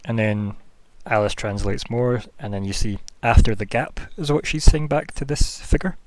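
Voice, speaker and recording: A man's voice: medium pitch, normal speed, dry recording. A man narrating as game master of a tabletop game, rambling through scene descriptions with lots of fillers.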